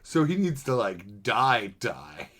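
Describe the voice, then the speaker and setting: A man co-hosting a podcast in casual chat, excitable, laughing often and swearing casually. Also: on the low side, slow. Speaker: podcast co-host.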